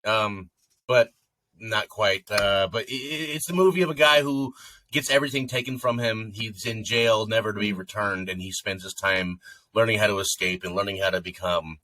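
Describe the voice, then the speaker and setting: A man's voice: fairly low pitch, normal speed, bright, forceful tone, dry recording. A man co-hosting a podcast, chatting casually about movies, rambling with lots of fillers. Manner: rambling, filler-heavy, breaks into sung snippets. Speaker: podcast co-host. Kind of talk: casual chat.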